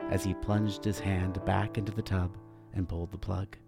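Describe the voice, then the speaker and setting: A man narrating a dark fantasy story in a measured, deliberate scripted reading. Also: sits low, level tone, creaky, loud music behind the voice.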